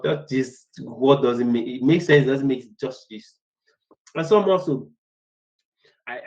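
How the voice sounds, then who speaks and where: Guy teaching business analysis, keeps repeating himself, mid pitch, kinda muffled sound. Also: vocal fry, a little mellow. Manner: rambling, repeats words, acts out small workplace dialogues. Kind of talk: casual online lecture.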